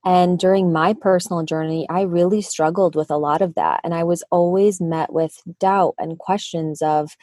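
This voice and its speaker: Woman, 30s, Midwestern accent, low pitch, dry recording, earnest podcast guest. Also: fairly even intonation, normal speed, hardly any pauses, dark tone, dry recording. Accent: Midwestern American. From Michigan, US. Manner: earnest, explanatory. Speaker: dermatologist guest. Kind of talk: podcast interview.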